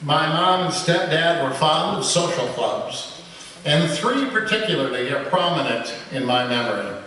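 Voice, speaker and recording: Joking preacher in an echoing church. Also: male voice, on the high side, expressive, unhurried, pushed and bright, slight background noise. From Michigan. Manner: joking, storytelling. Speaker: guest preacher. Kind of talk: sermon. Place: church sanctuary. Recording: echoey hall, distant mic.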